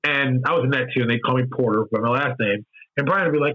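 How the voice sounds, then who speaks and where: A man's voice: medium pitch, fast talker. A man in his fifties, a game designer telling candid stories in an interview, often repeating phrases for emphasis. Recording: dull lo-fi sound.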